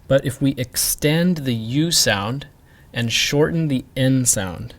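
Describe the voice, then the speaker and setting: A man leads a pronunciation lesson at an unhurried, careful pace. He spells out each sound and says the example words again and again so they can be copied. His pitch sits in the middle of the usual male range. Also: animated. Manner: slow, deliberate, repeats sounds for drill. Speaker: language teacher.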